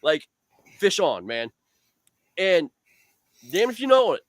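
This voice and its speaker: He speaks slowly in a high-pitched voice, and the recording is dry. As a guest angler on a video call, he tells a long, rambling, animated fishing story, constantly saying "man" and "dude."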